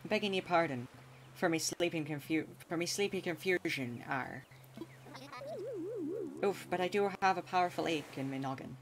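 A woman's voice: fairly low pitch, takes it slowly, background noise. A woman streamer voicing a bumbling, boastful male seagull pirate with a hammy pirate accent, reading game dialogue aloud.

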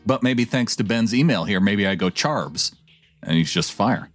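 A man's voice: lowish voice, expressive, normal speed, faint music behind. A man co-hosting a podcast, reading a listener's email with playful, theatrical delivery, then chatting casually. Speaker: podcast co-host.

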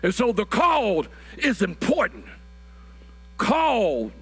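A man, preaching a sermon that builds to shouted, drawn-out phrases, often repeating words. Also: high-pitched, very animated. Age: 60s.

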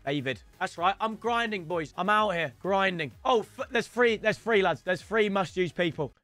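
A man's voice: sits high, expressive, moderate pace, a bit bright, dry recording, soft background music. A young man commentating his football game livestream in a chatty, playful way, calling his viewers lads and boys. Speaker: streamer.

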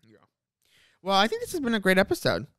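A young co-host chatting casually on a podcast, gossipy and teasing, quick to laugh. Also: medium pitch, huge pitch swings, a bit bright, dry recording, studio quality. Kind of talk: casual chat.

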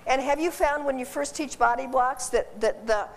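A woman instructor teaching dog behavior to a live class in an animated, joking way, quizzing the class as she goes. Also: high voice, normal speed, a little hiss or hum. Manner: animated, jokey, asks the class questions. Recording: roomy hall from a distance.

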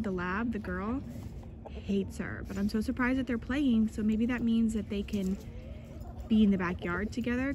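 A woman chatting casually as she walks around her chicken coop, filming on her phone, often cooing to her animals. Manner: chatty, coos at animals in a high sing-song. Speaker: homesteading vlogger. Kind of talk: casual vlog chat. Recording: outdoor noise behind voice. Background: dogs and farm ambience.

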